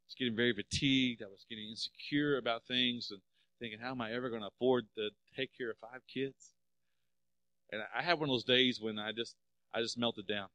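A middle-aged man preaching a sermon as pastor, emphatic, swelling louder on key phrases and dropping low for personal stories. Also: no echo, lo-fi sound.

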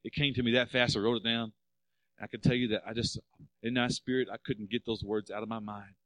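Middle aged guy preaching, gets loud on the big lines then quiet for the story, crisp bright tone, dry sound. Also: level tone, a little fast, no echo. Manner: emphatic preaching, swelling louder on key phrases, dropping low for personal story. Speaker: pastor. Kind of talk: sermon.

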